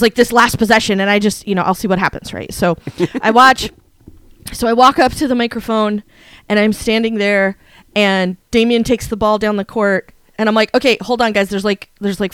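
A woman co-hosting a podcast, telling a story in a casual chat and acting out her own excited reactions. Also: medium pitch, clear, resonant tone, no room sound. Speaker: podcast co-host.

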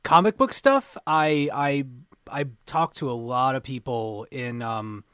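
A young adult man co-hosts a casual podcast, rambling through convention stories and restarting often. His mid-range voice is slow and fairly bright with a clean tone, recorded dry in a clean studio.

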